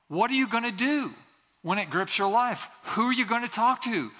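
A very high-pitched, sharp-toned pastor preaches animatedly at a moderate pace in a church sanctuary. He is earnest, leans on repeated key phrases, and sometimes acts out quoted voices, all with long hall reverb.

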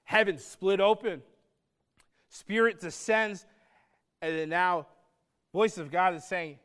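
A man's voice: high voice, slow pace, long pauses, fairly bright tone, smooth. A man preaching a sermon, earnest and conversational, building to emphatic points. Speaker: pastor.

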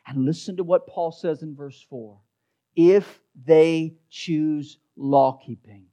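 A male pastor with a fairly high voice, delivering an expository sermon. He drives his points home with emphatic repetition, then sinks to a quiet, low voice when he reads the key verses. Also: slow pace, smooth.

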